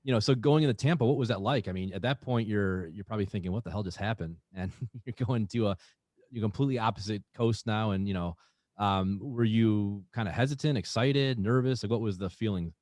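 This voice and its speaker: Fast-talking male podcast host. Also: on the low side, a little mellow, no echo, studio quality. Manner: conversational, quick follow-up questions. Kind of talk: casual interview.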